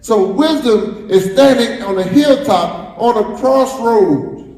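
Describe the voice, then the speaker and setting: A man's voice: very high-pitched, takes it slowly, darkish tone. A man preaching a sermon as pastor, repeating phrases and drawing responses from the congregation. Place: church sanctuary. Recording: echoey hall, roomy reverb.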